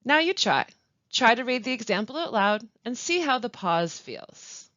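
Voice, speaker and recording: A woman who works as a language support specialist, presenting a pronunciation webinar with clear, deliberate teaching and careful pauses. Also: fairly high pitch, sing-song, a bit bright, no echo. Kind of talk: instructional webinar narration. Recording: dull, lo-fi dry voice-over.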